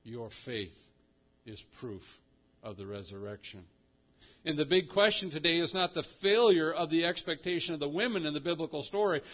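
A man preaching a sermon with dramatic emphasis, slowing down and rising in pitch to stress key words. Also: expressive, a bit bright, lo-fi sound. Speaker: pastor.

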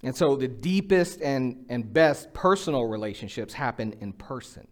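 Middle-aged male pastor, mid-pitched, relaxed conversational sermon delivery. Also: normal speed. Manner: conversational preaching, acts out quotes with rising pitch.

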